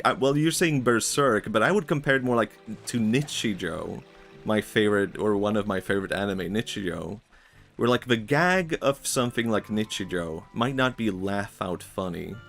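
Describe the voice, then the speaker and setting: A man's voice: fairly low pitch, a bit bright. A man streaming, talking in a rambling, reflective way, full of filler words and frequent laughs. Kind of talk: casual stream chat.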